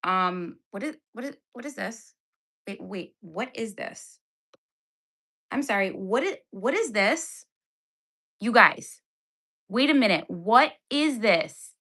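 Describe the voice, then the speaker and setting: A woman's voice: medium pitch, animated, slow pace, pauses often, a bit bright. A woman in her thirties hosting a casual livestream unboxing from home on a phone, talking in an exasperated, sarcastic, chatty way. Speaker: livestream host. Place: home, indoors.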